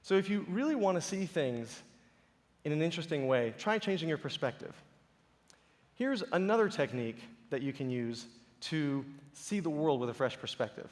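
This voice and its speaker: A man's voice: on the high side, lively intonation, moderate pace, big-room sound. A man giving a conference talk to a live audience, telling stories animatedly with playful impressions. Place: large auditorium stage.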